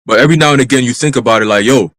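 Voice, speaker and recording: A man in a live church stream telling a dream as testimony, in brisk street slang with some cursing. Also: medium pitch, fairly bright tone, no room sound, rough recording. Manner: brisk storytelling full of street slang and profanity. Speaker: church minister.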